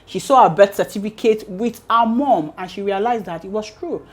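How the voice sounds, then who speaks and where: A woman's voice: mid-range voice, moderate pace, darkish tone. A woman hosting a storytelling show, narrating a family drama in a casual, conversational way. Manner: conversational, acts out quotes. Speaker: storyteller host.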